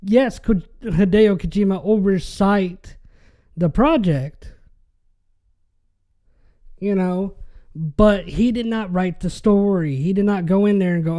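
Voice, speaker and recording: Young guy ranting on his podcast, high voice, slow and fed up, keeps stumbling over words. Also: mellow. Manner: exasperated, swears, stumbles and repeats words. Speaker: podcast host.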